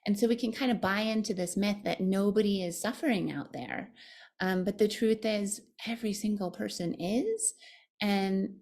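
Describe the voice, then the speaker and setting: A woman's voice: mid-range voice, moderate pace, darkish tone. A woman meditation teacher, a guest on an interview podcast, speaking in a thoughtful, earnest way. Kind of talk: conversational interview.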